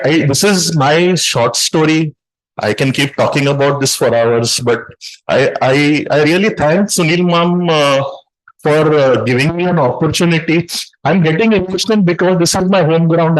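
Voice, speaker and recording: A man speaks earnestly at a community event, his voice sitting a little high. He stops and restarts often, with many fillers as he searches for words. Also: low-quality recording. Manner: earnest, halting, many fillers and restarts, mixes in Hindi phrases. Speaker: guest speaker. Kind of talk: emotional public speech.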